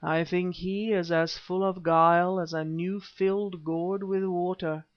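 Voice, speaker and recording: A man voicing a rumbling ancient wizard-priest. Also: level tone. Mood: menacing. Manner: slow rumbling threatening speech. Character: ancient half-human male wizard-priest, menacing. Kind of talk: audiobook character reading. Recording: dull lo-fi recording.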